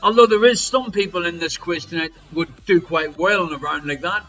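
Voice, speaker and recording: A man hosting a live-streamed online quiz from home, reading questions and answers with jokey, showy patter and sudden loud calls. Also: sits high, brisk, hardly any pauses, faint music behind, low-quality recording. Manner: jokey, showy quizmaster patter with big swings in loudness. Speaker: quiz host.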